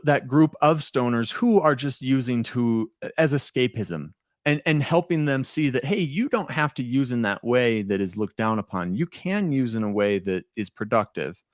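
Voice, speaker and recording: A man's voice: mid-range voice, no echo, clean studio sound. A man chatting casually on a podcast as a guest, talkative and rambling, restarting his sentences, a little stoned. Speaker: podcast guest and former co-host. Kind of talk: casual chat.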